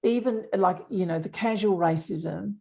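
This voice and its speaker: A woman's voice: medium pitch, measured pace, vocal fry, dark tone. A woman, a bias specialist answering interview questions in an earnest, explanatory way. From Australia. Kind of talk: interview conversation.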